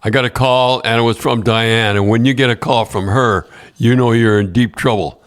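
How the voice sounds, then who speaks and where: A man's voice: mid-range voice, fairly even intonation. Older man telling rambling stories. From Canada. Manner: rambling, halting storyteller who laughs often and repeats words. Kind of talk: casual podcast chat.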